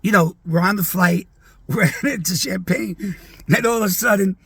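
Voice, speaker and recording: Gravelly, husky man in his sixties. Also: high voice, normal speed, fairly bright tone, no room sound. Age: 60s. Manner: chatty, rambling, peppered with "like" and "okay?". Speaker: video storyteller. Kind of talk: casual anecdote told to viewers.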